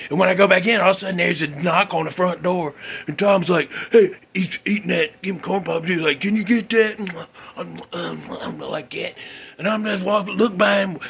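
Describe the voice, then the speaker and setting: A man's voice: high-pitched, gravelly, a bit bright, husky. A man hosting his own show, telling a dream story in a rambling, folksy, exasperated way. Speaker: host. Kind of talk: comedic storytelling monologue.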